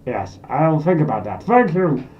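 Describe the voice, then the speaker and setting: A man voicing a silly, excitable male goblin, ranting to camera in a comedy character vlog with sudden loud outbursts. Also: a little high, measured pace, far from the mic. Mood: chatty. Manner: erratic comic rant with sudden loud outbursts. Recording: dull lo-fi sound a bit off mic.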